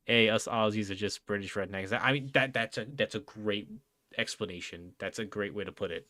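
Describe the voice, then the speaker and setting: A man's voice: lowish voice, steady tone, moderate pace, bright, forceful tone, no room sound, clean studio sound. A young man from New Jersey chatting casually on a livestream, rambling with lots of fillers and calling everyone bro and dude. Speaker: streamer. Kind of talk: casual livestream chat reading out chat.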